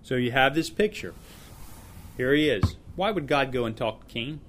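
A man leads a small group through scripture in a relaxed, conversational way. He speaks earnestly at a medium pitch and often doubles back on his words as he works out what he wants to say. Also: normal speed, a little hiss or hum. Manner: earnest, repeats words as he thinks aloud. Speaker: Bible study leader. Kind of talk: informal Bible teaching to a small group.

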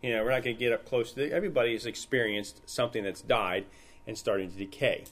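A man leading an informal Bible study, talking in a relaxed, conversational way and acting out the people in the story. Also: medium pitch, fast talker. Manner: conversational, retells scenes in acted quotes.

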